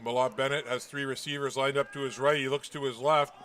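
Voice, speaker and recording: A man with a Canadian accent calling a football game outdoors, getting loud and excited on big plays. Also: medium pitch, brisk. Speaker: play-by-play commentator. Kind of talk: live sports play-by-play.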